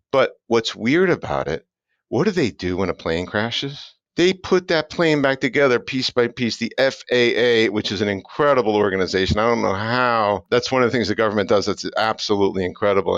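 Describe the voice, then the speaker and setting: A man co-hosting a podcast, talking in an emphatic, animated way and asking rhetorical questions. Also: on the low side, dry recording, dull audio. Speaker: podcast co-host. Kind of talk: conversational podcast talk.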